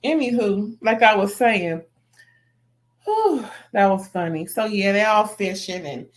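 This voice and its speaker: A woman's voice: medium pitch, lively intonation, unhurried. A woman chatting casually as she recaps a reality TV episode, gossipy and slangy, laughing often between remarks. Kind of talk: casual commentary.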